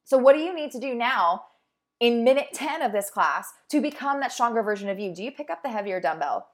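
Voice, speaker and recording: This is a motivational monologue from a young adult woman who instructs fitness and hosts. Her pitch is fairly high and expressive, her pace fairly quick, and her manner upbeat, encouraging and conversational with inner voices acted out.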